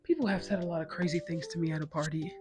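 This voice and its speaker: A woman's voice: on the low side, fairly even intonation, music in the background. Woman, 20s, casual storytime vlogger, chatty, self-mocking. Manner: chatty, quick asides and self-mocking jokes.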